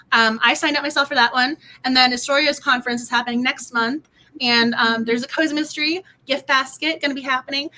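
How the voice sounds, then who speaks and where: A woman's voice: sits high, pushed and bright. A young woman hosting a book club chat, bubbly and gushing, laughing often. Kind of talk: casual live-stream chat.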